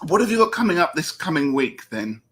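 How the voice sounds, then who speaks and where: A man's voice: fairly high pitch, big pitch swings, brisk, fairly bright tone. A man with a Southern English accent hosting a casual live-stream chat, reading out viewer comments and laughing often. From England. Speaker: host.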